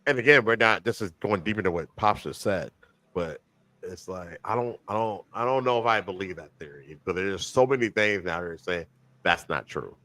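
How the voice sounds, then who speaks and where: A man co-hosting a podcast in casual chat, rambling and animated, with many restarts and slang. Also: low voice, normal speed. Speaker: podcast co-host.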